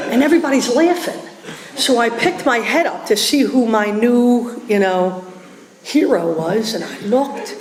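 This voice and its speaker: A woman with a Philadelphia accent giving a personal testimony to a meeting, animated and acting out voices, laughing often. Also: medium pitch, vocal fry. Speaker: recovery meeting speaker. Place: meeting hall. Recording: roomy hall echo, faint background hum.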